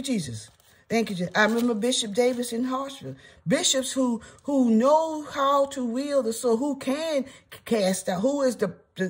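Older lady in her 70s teaching bible study, husky breathy voice, earnest, keeps asking "okay?". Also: on the high side, a little mellow. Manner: earnest, checks in with listeners with "okay?" and "y'all".

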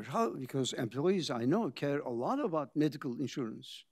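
An older man, a company founder, tells his story in a reflective talk, pausing for drama and acting out the conversations he recounts. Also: on the high side, very animated, a little mellow. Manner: dramatic pauses, acts out quoted dialogue.

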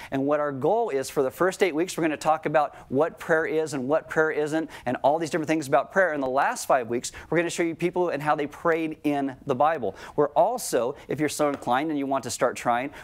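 A middle-aged man preaching a sermon to his congregation in a conversational tone, slowing right down on key lines. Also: on the high side. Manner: conversational preaching, slows down for emphasis. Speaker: pastor.

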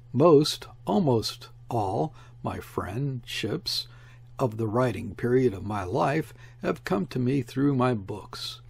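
A man narrates an audiobook with an unhurried, deliberate pace, letting each phrase linger. His voice carries a gravelly fry and a husky, slightly breathy edge, and his reading stays measured and reflective throughout. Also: mid-range voice, darkish tone, dry recording. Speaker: audiobook reader. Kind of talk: audiobook narration of a literary memoir.

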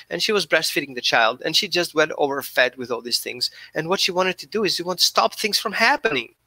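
A man's voice: a little high, sharp tone, dry recording. A man who is a dog behaviorist, giving an earnest, coaching talk during a live Q&A and often repeating himself.

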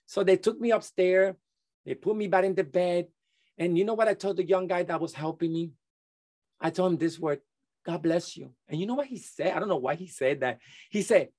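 A middle-aged man, an interview guest recounting a personal testimony in halting speech full of restarts and repeated words. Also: high voice, a little mellow.

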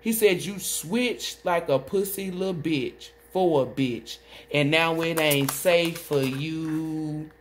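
A woman giving a solo tarot reading, rambling excitedly and swearing as she relays messages she says come from a spirit. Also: low voice, slow, a little hiss or hum. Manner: swoops between loud outbursts and muttering. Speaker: tarot reader.

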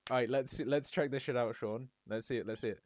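A man's voice: mid-range voice, fairly even intonation, fast talker, darkish tone, no echo. A man chatting casually while streaming a game. He reads chat aloud, answers it and swears freely. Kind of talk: casual game livestream commentary.

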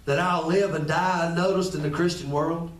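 A man's voice: fairly high pitch, steady tone, moderate pace. A man preaching a sermon as pastor, conversational, repeating phrases and speaking straight to his listeners. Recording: echoey room, distant from the mic.

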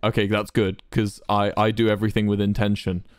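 A man's voice: fairly low pitch, little pitch movement, a little fast, clean tone, no room sound. A man hosting a stream, chatting casually while playing a game, playful and teasing with a mock-serious edge. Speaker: stream host.

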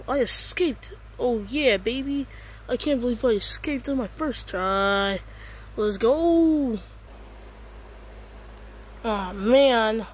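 A woman giving casual, excitable commentary while playing an obstacle-course game and reacting out loud. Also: mid-range voice, slight background noise. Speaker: gaming video creator.

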